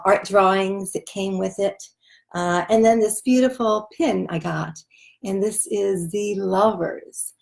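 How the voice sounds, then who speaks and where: A woman's voice: medium pitch, vocal fry, darkish tone. A woman chatting casually as a tarot reader while showing cards, loose and full of fillers. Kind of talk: casual chat showing a deck.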